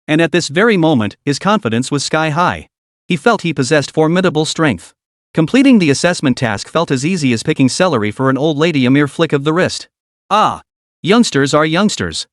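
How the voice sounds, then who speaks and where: Guy narrating a story, fairly high voice, really lively, dry close mic. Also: no room sound.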